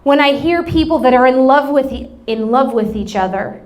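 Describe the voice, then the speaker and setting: High-voiced woman pastor preaching. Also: moderate pace. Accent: American. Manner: storytelling, animated, laughing asides. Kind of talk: sermon.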